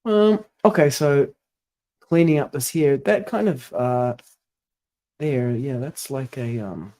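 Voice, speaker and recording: A man's voice: mid-range voice, mellow. Man reading scripture, then checking wording. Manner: careful, pauses to check wording and pronunciation. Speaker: scripture reader and editor. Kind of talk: reading scripture aloud, then casual editing talk.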